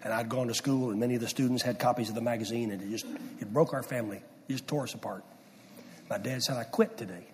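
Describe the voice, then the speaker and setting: A middle-aged man preaching a sermon, swinging from loud emphasis down to hushed near-whispers. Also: medium pitch, fairly even intonation, fast talker, a little hiss or hum. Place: church sanctuary. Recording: distant mic with long hall reverb.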